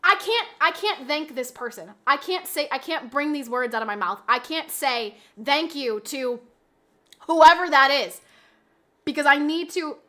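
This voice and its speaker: A woman live streamer chatting casually, exasperated and rambling, often bursting into loud yelling. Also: high voice, animated, measured pace.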